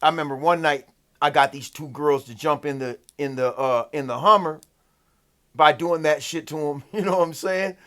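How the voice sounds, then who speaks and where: A man's voice: a little high, moderate pace, fairly bright tone. Rambling man telling a street story. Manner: rambling, loose, peppered with "like" and "right?". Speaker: storyteller vlogger. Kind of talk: casual profane storytelling.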